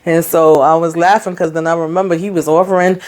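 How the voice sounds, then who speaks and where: A woman's voice: on the low side, flat delivery, quick pace, a little mellow. A woman casually recapping a TV episode in a chatty, colloquial way, often breaking into laughter. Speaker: TV show reviewer.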